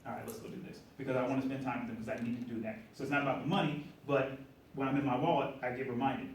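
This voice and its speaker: A middle-aged man giving an energetic motivational talk at a conference, often asking the audience questions. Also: mid-range voice, fast, slight background noise. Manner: energetic, asks the room questions. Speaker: conference speaker. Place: conference hall. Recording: roomy hall audio from a distance.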